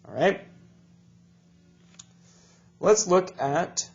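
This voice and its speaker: A man's voice: sits high, lively intonation, very slow, vocal fry, soft background music. A male teacher with a stuffy nose, giving a recorded video lesson to young students in a patient, encouraging way and repeating each instruction. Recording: dull lo-fi recording.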